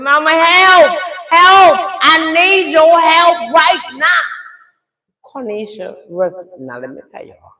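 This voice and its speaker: A middle-aged woman telling a story live in a casual way, animated and talking straight to her audience. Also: mid-range voice, creaky, reverberant, rough recording.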